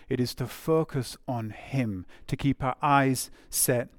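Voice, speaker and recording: A man's voice: mid-range voice, slow pace, dry recording, studio quality. A man preaching a sermon in a conversational way, with frequent fillers and phrases repeated for emphasis.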